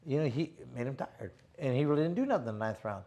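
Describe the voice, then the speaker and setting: A middle-aged man, a boxer hosting a show, telling stories in a casual, animated, slangy way and acting out what people said. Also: medium pitch, fast, lo-fi sound. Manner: animated, slangy, acts out quotes. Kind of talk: casual storytelling chat.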